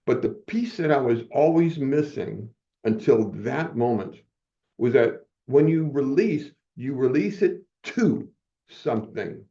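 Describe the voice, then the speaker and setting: A man as a guest giving an earnest, halting personal testimony, often moved as he speaks. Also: mid-range voice, lively intonation, mellow, dull audio.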